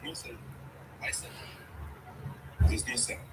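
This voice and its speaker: A man hosting a casual live trading stream, answering viewer questions bluntly and offhand. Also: slow. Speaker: livestream trading host. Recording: loud background noise.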